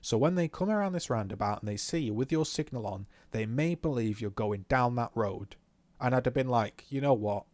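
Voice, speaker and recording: A man's voice: medium pitch, brisk, no echo. Swearing young man ranting. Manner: swears often, animated retelling. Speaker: vlogger. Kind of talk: casual ranting recount while driving. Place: in a car.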